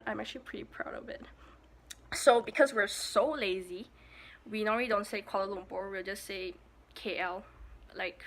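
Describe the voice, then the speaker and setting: A woman's voice: mid-range voice, steady tone, normal speed, a bit bright, slight background noise. A young woman from Malaysia with a Malaysian English accent, giving a casual, jokey vlog with playful asides. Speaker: vlogger.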